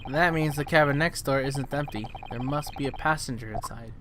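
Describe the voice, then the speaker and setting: A male streamer reading game dialogue aloud in a measured, polite tone while he plays. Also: mid-range voice, noisy background.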